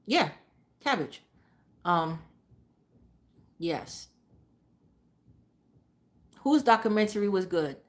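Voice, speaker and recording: Woman vlogger, mid-pitched, rambling casual monologue with mumbled asides. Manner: rambling, repeats herself, trails into low mutters.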